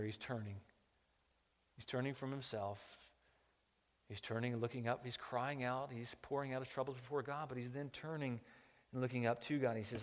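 A man preaching a sermon as pastor, moving between quiet reflective passages and loud impassioned ones. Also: medium pitch, fairly even intonation, normal speed, big-room sound.

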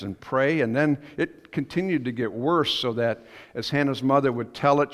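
A man preaching a sermon as pastor, telling a story in a conversational, musing way. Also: mid-range voice. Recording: long reverb of a church hall.

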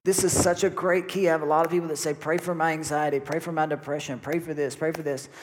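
Repetition gives weight to this fast-talking male pastor's emphatic sermon. His slightly high voice has little pitch movement, and the recording carries a long sanctuary reverb along with background noise.

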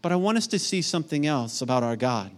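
A middle-aged man preaching a sermon, earnest, swinging from emphatic peaks to soft, hushed storytelling. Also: fairly high pitch, expressive, fast. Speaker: pastor.

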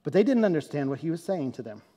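A man preaching a sermon as a pastor, telling a story in an animated, conversational way and then teaching in a more earnest, quieter tone. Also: on the high side, fast talker. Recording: long hall reverb.

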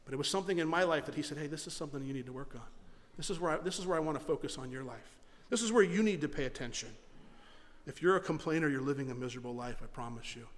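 A male pastor with a notably high voice preaches from the pulpit, his words ringing out with a long church-hall reverb. He tells stories briskly, repeating phrases in quick bursts and poking fun at himself, then sinks to a hushed, low tone when he stresses a serious point. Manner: animated storytelling with rapid repetitions and self-mocking asides; drops to a low, quiet voice for solemn points. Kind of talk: sermon.

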